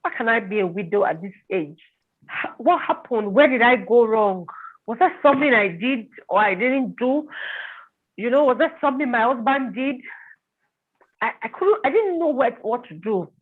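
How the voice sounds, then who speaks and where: Woman telling her story over what sounds like a tinny phone line, halting, repeats words when upset. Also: on the high side, animated, slightly rough. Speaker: interview guest. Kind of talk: emotional personal testimony.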